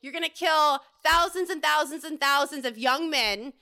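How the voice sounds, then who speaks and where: High, bright-voiced woman ranting angrily. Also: moderate pace. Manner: angry, profane, rambling rant. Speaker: podcast host. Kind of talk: solo podcast rant. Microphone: home podcast setup.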